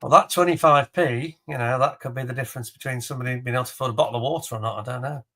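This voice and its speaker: Very fast and pushed, with a bright, medium-pitched voice, a man presents model kits in a charity auction. He keeps the live-stream chat casual, laughing often and selling every kit with enthusiasm.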